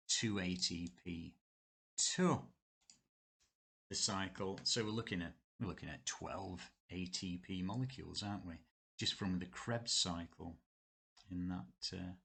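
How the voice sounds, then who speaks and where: Slow, husky Yorkshire man teaching. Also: lowish voice, a bit bright. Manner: chatty, thinks aloud and talks to himself while writing. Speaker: biology teacher. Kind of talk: whiteboard lesson explaining step by step.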